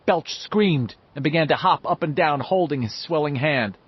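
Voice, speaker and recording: Husky-voiced expressive male narrator. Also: on the high side, moderate pace. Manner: expressive storytelling. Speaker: audiobook narrator. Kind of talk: audiobook narration. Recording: slightly muffled, dull audio.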